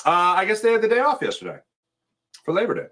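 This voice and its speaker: Animated, chatty sports-show host man. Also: sits high, quick pace. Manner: animated, chatty, reads sponsor spots and viewer comments. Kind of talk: casual live-stream chat reading comments.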